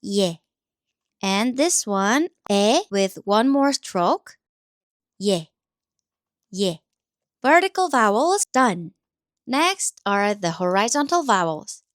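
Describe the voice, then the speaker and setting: A woman with a Korean accent teaching the Korean alphabet, speaking slowly and repeating each sound patiently for learners. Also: medium pitch, dry recording, studio quality. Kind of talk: slow, deliberate teaching.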